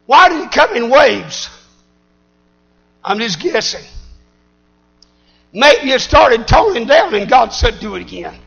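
A man preaching a sermon, shouting in call-and-response style. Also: extremely high pitch, big pitch swings, takes it slowly, vocal fry, pauses often, breathy edge, highs cut off, soft background music.

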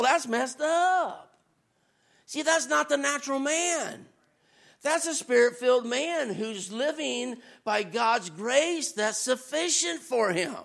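With a creaky voice, a man preaching as a guest talks to the congregation in an easygoing, lively style. Scripture passages bring him down lower and slower, while other moments climb into shouts.

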